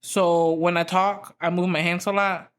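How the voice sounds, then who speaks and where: A woman's voice: on the low side, flat delivery, unhurried, clear, resonant tone. A young adult woman hosting a podcast, telling a story in a casual, profane, rambling way full of fillers. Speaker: podcast host.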